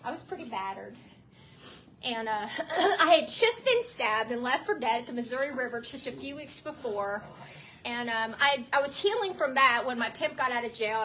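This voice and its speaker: A middle-aged woman telling her personal testimony to a church audience, animated and slangy, often laughing as she tells the story. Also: a little high, slight background noise. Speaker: guest speaker giving testimony.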